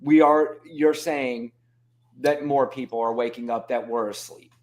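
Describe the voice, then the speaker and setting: A man's voice: mid-range voice, steady tone, unhurried, darkish tone. A man hosting a casual political chat show, teasing his co-host and swearing in a loose, conversational way.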